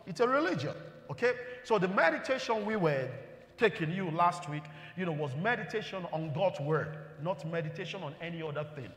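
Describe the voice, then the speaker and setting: A man's voice: on the high side, fairly bright tone. A male pastor preaching a sermon with emphatic call-and-response and many "you know"s. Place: church hall. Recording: echoey church hall.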